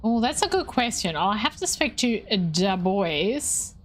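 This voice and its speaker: A woman's voice: medium pitch, big pitch swings, measured pace. Woman streaming a ghost game. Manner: reactive, thinks aloud, questions the ghost. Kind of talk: live gameplay commentary.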